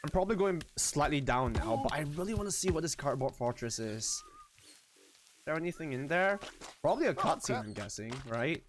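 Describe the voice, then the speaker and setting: A man live-streaming a game, chatting casually with his viewers in an excitable, animated way and swearing freely. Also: fairly high pitch, brisk, a little hiss or hum.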